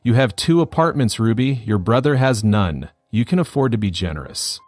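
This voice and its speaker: A man's voice: mid-range voice, expressive, moderate pace, darkish tone, no echo, faint music behind, close to an everyday voice. A man reading the lines of a dismissive mother who speaks firmly and sighs at her daughter. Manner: firm, sighing. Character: older mother, dismissive and sure of herself.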